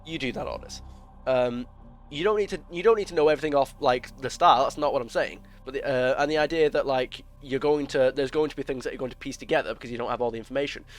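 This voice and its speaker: A man's voice: mid-range voice, fast talker, soft background music. A man giving casual gameplay commentary, rambling and opinionated, full of restarts and filler words. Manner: opinionated, explains at length. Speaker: gaming video creator.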